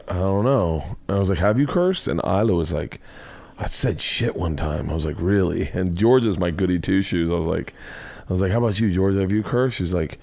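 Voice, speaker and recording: A man with a low voice tells stories in a loose podcast chat. He gets animated and swears freely as he talks. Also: vocal fry. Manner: animated storyteller, swears a lot. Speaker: podcast host. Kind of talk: casual chat.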